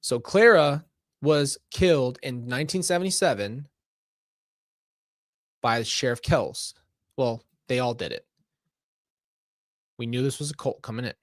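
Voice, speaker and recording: A man live-streaming as he reads an interactive mystery story aloud, excitable, breaking off to laugh and react. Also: medium pitch, measured pace, pauses often, no room sound, clean studio sound. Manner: excitable, laughing and reacting between read passages.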